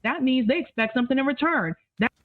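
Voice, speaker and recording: A woman's voice: sits high, fast, dry recording. A woman political commentator, speaking in an indignant, scornful tone about politicians. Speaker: political commentator in a played clip. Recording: tinny phone-like clip audio.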